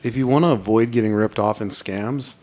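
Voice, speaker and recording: A man's voice: lowish voice, fairly quick, a little mellow. A man in his forties hosting a podcast, chatting casually and ranting bluntly with plenty of swearing. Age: 40s. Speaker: podcast host.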